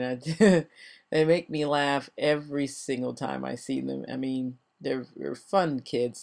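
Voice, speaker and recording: A woman's voice: extremely low pitch, creaky, mellow. An older woman, chatty and rambling, narrating a voice-over for her craft video and laughing often. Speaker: crafting vlogger.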